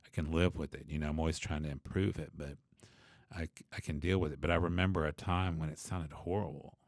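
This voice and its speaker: A man who teaches bass, talking through his ideas in a loose, reflective way, with many asides and restarts. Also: steady tone, fairly quick, no room sound, clean studio sound. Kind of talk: conversational teaching monologue.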